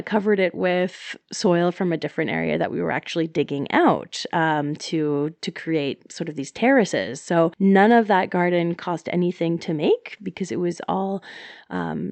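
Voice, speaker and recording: Low gravelly lady cohost, rambling chatty garden talk with lots of ums, dry close sound. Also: darkish tone, no room sound. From Southwestern Quebec. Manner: explains with many fillers and restarts. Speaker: co-host, gardener. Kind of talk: casual podcast chat.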